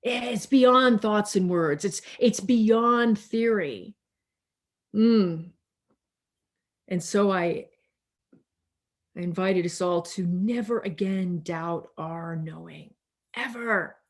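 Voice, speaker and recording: A female pastor with a mid-range voice gives a slow, reflective sermon over a video call. She sounds a little tired, repeating words and pausing for emphasis.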